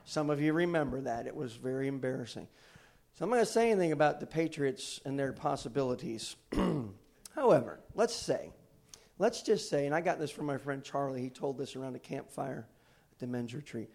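A middle-aged man preaching a sermon, telling a story and then urging his congregation on. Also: on the high side. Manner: animated storyteller, rising to exhortation. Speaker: pastor.

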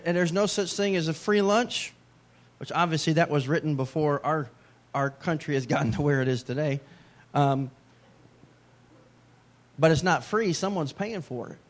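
Middle-aged pastor preaching, slightly high voice. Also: male voice. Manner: conversational preaching with joking asides. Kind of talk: sermon.

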